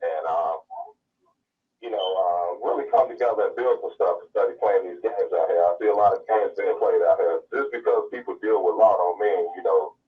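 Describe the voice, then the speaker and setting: A man's voice: low voice, moderate pace. A man calling in to a talk show, speaking hesitantly with lots of fillers. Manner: rambling, hesitant with many fillers. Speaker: caller. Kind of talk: phone-in call. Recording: distant muffled phone line.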